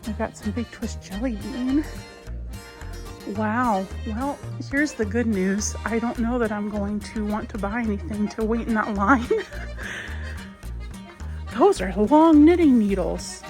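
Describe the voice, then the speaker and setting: A woman vlogging casually while she walks through a craft store on her phone, chatty and a little wistful, with soft laughs now and then. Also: fairly high pitch, measured pace, music in the background. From United States. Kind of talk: casual shopping vlog chat. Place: inside a large craft store. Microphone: phone held while walking.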